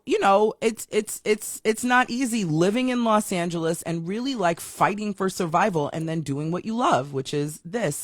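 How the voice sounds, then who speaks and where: A woman hosting her own online show, telling a story in a chatty, animated way with lots of fillers and restarts. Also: lowish voice, no room sound, clean studio sound. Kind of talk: casual livestream chat.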